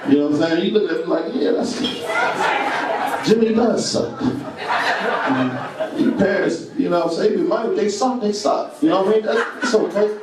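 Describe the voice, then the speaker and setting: A man doing a stand-up comedy set, telling stories in a lively way and jumping loudly into quoted lines. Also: high voice, fairly quick. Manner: animated storytelling, loud jumps for quoted bits, frequent "you know what I'm saying". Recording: roomy live club sound, mic heard from a distance. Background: audience laughter and crowd noise.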